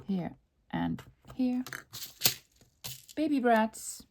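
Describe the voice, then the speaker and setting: A woman's voice: a little high, lively intonation, extremely slow, vocal fry, noisy background. Chatty woman talking to herself while crafting. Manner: chatty, talks to herself while working, laughs often. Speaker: crafting video host. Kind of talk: casual crafting tutorial chat.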